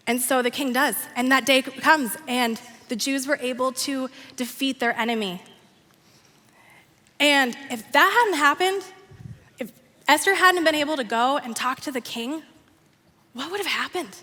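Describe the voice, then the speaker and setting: A young woman giving a youth sermon, retelling a story with lively acted-out lines. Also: high-pitched, unhurried. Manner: animated storytelling, acting out characters' lines. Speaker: youth ministry coordinator. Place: church worship hall. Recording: long hall reverb.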